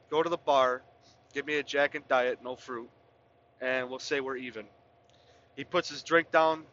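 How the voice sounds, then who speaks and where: Young male podcaster, blunt and rambling, forceful bright tone, muffled low-fi recording. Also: a little hiss or hum. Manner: rambling, blunt, animated with filler words. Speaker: podcast host. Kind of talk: casual storytelling.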